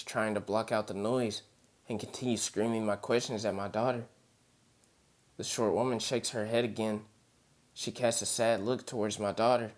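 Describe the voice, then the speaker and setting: A man narrating a first-person horror story in a steady, earnest storytelling manner. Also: on the low side.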